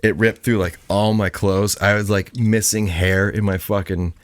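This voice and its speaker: A man with a very deep, low voice talks as a podcast guest, laid-back and rambling, peppering his stories with filler words and curses. The sound is dry and close-miked. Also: steady tone, moderate pace, no echo. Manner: laid-back storytelling, heavy swearing and filler "like". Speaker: guest author. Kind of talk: casual chat.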